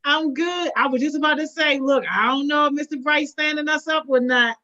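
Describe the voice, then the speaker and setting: A woman's voice: sits high, brisk, bright, forceful tone. Upbeat woman host, dull lo-fi sound. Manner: upbeat, greets viewers one by one. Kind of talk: casual live stream chat.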